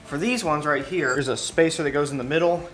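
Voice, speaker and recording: A man talking casually through a motorcycle repair in his garage, chatty and quick to correct himself. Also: fairly high pitch, fairly bright tone, reverberant, soft background music. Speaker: motorcycle vlogger. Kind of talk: casual workshop how-to. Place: garage workshop.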